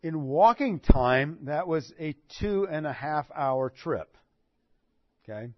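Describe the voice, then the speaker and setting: A man's voice: fairly high pitch, animated, slow pace, dry recording. A man preaching a sermon, telling the story with animation and acting out what people said. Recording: dull dry recording.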